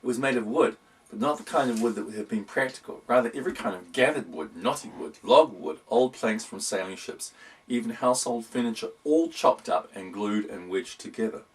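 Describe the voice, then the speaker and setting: Narrating a whimsical storybook, an audiobook reader uses a fairly low, fairly quick voice with lively intonation and a wry, playful tone. The mic picks him up from a distance.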